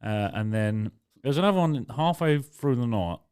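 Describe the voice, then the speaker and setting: A man telling a story on an unedited podcast, blunt and full of swearing. He rambles on in casual chat with a plain, mid-pitched voice. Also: animated, normal speed, darkish tone, clear, resonant tone. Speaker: podcast co-host, nightclub doorman.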